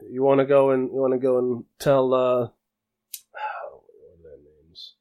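A man in the game master's seat, narrating scenes in a loose, casual way. He stops and restarts often and fills the gaps with ums. His voice sits at an everyday middle pitch. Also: little pitch movement, lo-fi sound. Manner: halting, many fillers and restarts.

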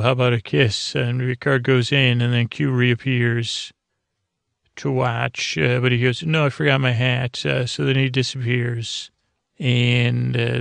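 A man hosting a bedtime podcast, recapping a TV episode in a drowsy, meandering way with many fillers, and reading quoted lines flatly in his own voice. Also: medium pitch, creaky, no echo. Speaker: podcast host.

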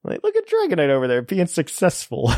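A man hosting a podcast in casual chat, relaxed and rambling with plenty of fillers. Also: a little high, fairly quick, no room sound, clean studio sound. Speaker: podcast host.

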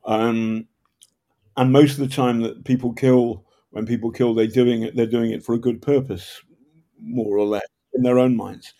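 A man's voice: mid-range voice, steady tone, normal speed, dark tone. A man with a northern English accent, a journalist and author telling stories in an interview, often restarting his sentences. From Northern England. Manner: rambling, self-interrupting storyteller with projected voice. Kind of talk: conversational storytelling interview.

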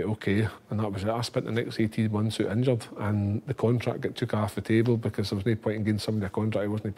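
Fast-talking husky Scottish man. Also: mid-range voice. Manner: animated, acts out quoted voices. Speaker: former footballer, podcast guest. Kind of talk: casual storytelling.

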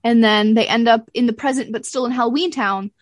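In studio-quality audio free of room sound, a woman with a higher voice speaks a little fast. She's co-hosting a podcast, chatting casually and bringing scenes to life by acting out their lines.

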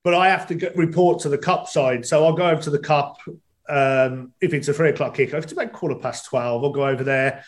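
A man's voice: on the high side, fairly even intonation, quick pace. A man, a stadium announcer and guest, telling his story at a casual pace with many fillers. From England. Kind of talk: casual interview chat.

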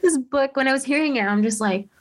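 A woman's voice: sits high, quick pace. A woman in casual chat, telling a story in a rambling way with lots of "like" and restarts. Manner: rambling, heavy use of "like" and restarts.

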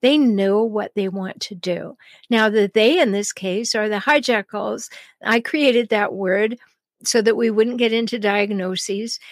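A middle-aged woman hosting a solo advice podcast as a relationship coach, speaking deliberately and slowing down with pauses to stress key words. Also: medium pitch, no room sound.

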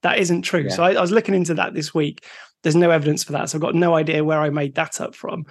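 A man from Britain co-hosting a podcast, telling things in a relaxed way and laughing often. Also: a little high, quick pace, no room sound, clean studio sound. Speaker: podcast co-host. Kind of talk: casual chat.

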